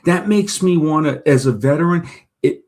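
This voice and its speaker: Rambling man with halting restarts. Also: fairly high pitch, a little mellow. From Brooklyn, New York. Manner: rambling, many restarts, acts out quoted people. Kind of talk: casual talk-show chat.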